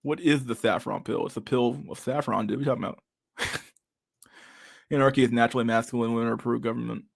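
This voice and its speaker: A man talks loosely and profanely at a middle pitch. He reads messages aloud and laughs between remarks. His talk is laid-back and full of fillers. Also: fairly even intonation, fast, gravelly, long pauses. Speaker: streamer reading chat. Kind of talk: casual chat.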